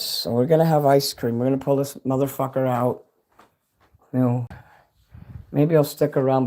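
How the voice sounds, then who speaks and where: A man's voice: mid-range voice, dark tone, slight background noise. A man chatting loosely with his viewers on a livestream, rambling and swearing. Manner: rambling and profane, talks straight to chat. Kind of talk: casual livestream chat with viewers. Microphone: phone.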